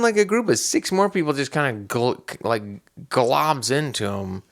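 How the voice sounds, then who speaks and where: A man's voice: medium pitch, normal speed, creaky. A man co-hosting a podcast in casual chat, telling a rambling story with many restarts and bursts of laughter. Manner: animated when acting out scenes. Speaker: podcast co-host.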